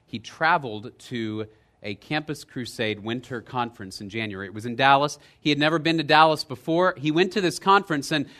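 A man preaching a sermon as pastor, telling a story with lively energy, dropping low and quiet for emphasis and rising loud in the retelling. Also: fairly quick. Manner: lively storytelling, checks in with "right?".

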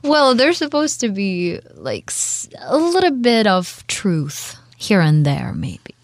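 Woman guest, Russian accent, slow and reflective, lowish dry voice. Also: huge pitch swings, no echo. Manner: thoughtful, hedging, frequent laughs. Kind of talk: casual chat.

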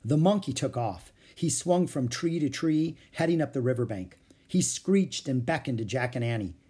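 A man reads a children's chapter book aloud with expressive, animated delivery. His voice is a little husky and breathy, and his pitch moves a lot, rising with the action. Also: normal speed. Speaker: storyteller.

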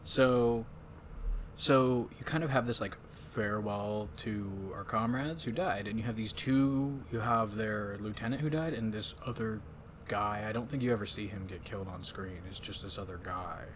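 A man's voice: lowish voice, normal speed. Podcast guy rambling about a movie, swears a lot, faint background hiss. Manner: rambling, swearing, quotes lines in put-on voices. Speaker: podcast host. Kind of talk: casual chat.

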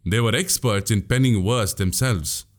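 A man's voice: on the low side, a little slow, pitched below the performer's own voice, natural voice. A man voicing a witty, boastful young male warrior in an audiobook, speaking grandly. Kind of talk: audiobook character voice.

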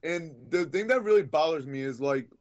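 A man's voice: a little high, animated, brisk, a little mellow, muffled recording. Rambling man in casual wrestling chat. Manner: rambling, many filler words and restarts.

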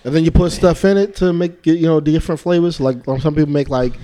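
Higher-voiced man who restarts his words. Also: fairly even intonation, fast talker, dark tone. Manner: repeats words as he starts sentences. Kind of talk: casual podcast chat.

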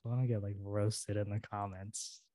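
A woman with a very low voice, chatting loosely on a podcast and breaking into giggles as she rambles. She leans on filler words, and her voice sits dry and close to the microphone. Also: flat delivery, normal speed, mellow, dry recording. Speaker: podcast co-host. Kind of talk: casual chat.

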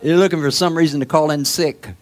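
A male preacher giving a sermon in an emphatic, repetitive way that swells to shouts. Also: fairly high pitch, steady tone, fast talker.

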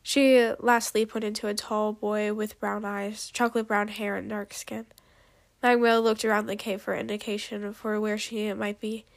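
A woman reading her story aloud in an amateur storybook reading, unhurried, with small slips and restarts. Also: medium pitch, little pitch movement, creaky. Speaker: narrator.

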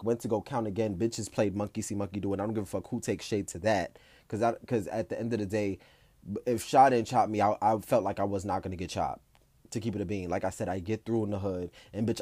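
A man in his twenties telling an animated, profane story about competing at a ballroom event, full of ballroom slang. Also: lowish voice, dry recording, clean studio sound.

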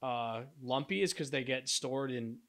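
A man's voice: medium pitch, unhurried, fairly bright tone. A man co-hosting a podcast, talking casually and rambling with fillers and restarts. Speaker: podcast co-host. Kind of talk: casual chat.

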